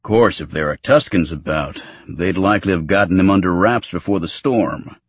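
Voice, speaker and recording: A man voicing a gruff, mischievous older farmer who loves to tease. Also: low voice, normal speed, no room sound. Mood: teasing. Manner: teasing, boisterous.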